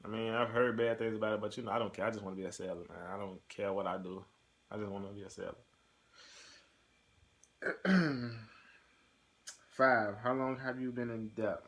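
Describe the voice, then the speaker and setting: A man's voice: lowish voice, fairly even intonation, moderate pace, pauses often, a bit bright. A young man talking casually to his camera and answering tag questions, loose and profane, with lots of fillers. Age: young adult. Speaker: recruit in the delayed entry program. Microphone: camera mic.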